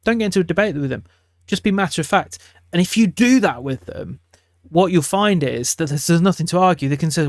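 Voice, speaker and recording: A man's voice: a little high, animated, brisk, no echo, clean studio sound. A middle-aged man, a teacher giving classroom advice in a casual talk to camera, chatty and acting out quotes from teachers and students.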